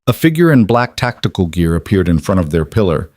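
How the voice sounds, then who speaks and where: Male narrator, low, measured, dry close audiobook read. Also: very animated, a little mellow, no room sound. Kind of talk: scripted narration.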